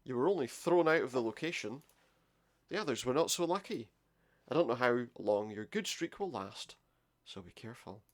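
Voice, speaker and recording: A man's voice: mid-range voice, expressive, normal speed, close to an everyday voice. A man reading a worried game character's warnings in a raised, earnest voice.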